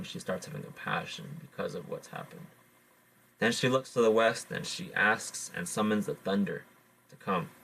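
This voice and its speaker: Low-voiced man retelling a folk tale. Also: fairly bright tone, a little hiss or hum. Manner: halting, repeats words, fillers. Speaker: podcast host. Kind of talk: oral storytelling.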